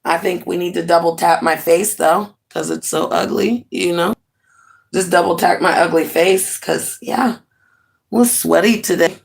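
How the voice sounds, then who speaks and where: A woman in her forties chatting live to her viewers from home, animated and quick to laugh. Her voice sits a little low for a woman, and she shifts between easy rambling and playful asides to the chat. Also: vocal fry. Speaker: livestream host. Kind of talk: casual livestream chat.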